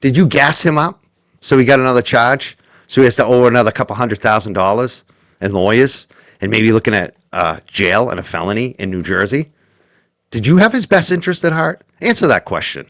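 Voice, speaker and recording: A man's voice: medium pitch, expressive, fairly quick, a bit bright, no echo, studio quality. A man hosting a heated commentary stream, taunting and swearing and hammering rhetorical questions. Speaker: show host.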